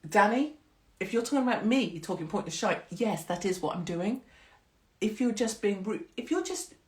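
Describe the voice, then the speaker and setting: With an animated, slightly mellow medium-pitched voice at a moderate pace, a middle-aged woman runs a live social-media stream from home. She rambles, mocks herself, and swears freely while chatting with viewers, and the audio is reverberant.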